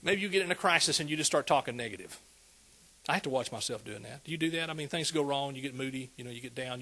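A man's voice: mid-range voice, rapid-fire, pushed and bright. A man preaching a sermon, conversational and calling out to the congregation. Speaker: pastor.

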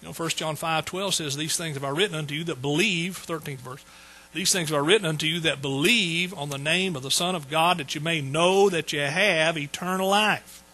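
A man's voice: fairly high pitch, a little fast, bright, forceful tone, husky, rough recording. A man preaching a sermon in a folksy, joking way. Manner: folksy, joking asides to the congregation. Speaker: pastor.

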